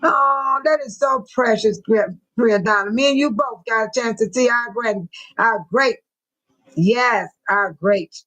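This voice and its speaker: An older woman hosting a casual livestream from home, talking straight to her viewers in chat, emotional and quick to bless and pray. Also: on the high side, fairly bright tone, poor audio. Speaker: livestream host.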